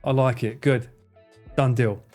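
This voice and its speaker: A man's voice: mid-range voice, steady tone, unhurried, darkish tone, faint music behind. A man in his thirties live streaming, joking and swearing in casual banter with his chat.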